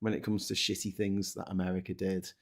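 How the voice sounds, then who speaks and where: A man with a blunt, sweary, animated manner, co-hosting a casual political chat over a video call. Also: sits low, fairly quick. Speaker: co-host.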